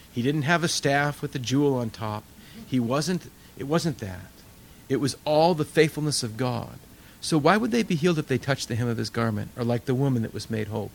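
A man's voice: medium pitch, vocal fry, a little hiss or hum. Conversational man preaching a sermon. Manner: conversational, animated storytelling with acted quotes. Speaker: pastor.

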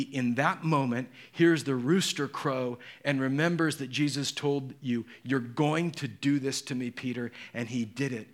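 A middle-aged male pastor preaching a sermon, telling the story dramatically and acting out the voices in quotes. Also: medium pitch.

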